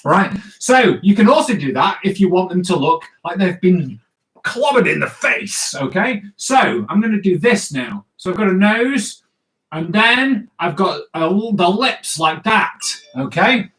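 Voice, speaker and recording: A man's voice: sits high, big pitch swings, unhurried, fairly bright tone. A man giving a live comic drawing lesson, playful and jokey, talking straight to the viewers as he draws. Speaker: comics teacher.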